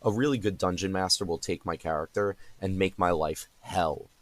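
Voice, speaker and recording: A man's voice: low-pitched, normal speed. A young adult man hosting a podcast in casual conversation, rambling with many fillers and restarts. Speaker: podcast host.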